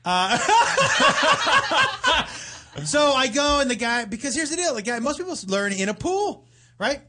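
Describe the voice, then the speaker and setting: A man's voice: very high voice, a little fast. Male storyteller, chatty co-host energy, swooping intonation, profane. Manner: animated, profane, acts out quotes. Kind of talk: casual storytelling chat.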